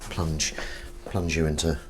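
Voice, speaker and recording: A man hosting a casual live stream, joking with his chat and swinging between loud greetings and mumbled asides. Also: very deep voice, flat delivery, unhurried, slight background noise. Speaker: livestream host.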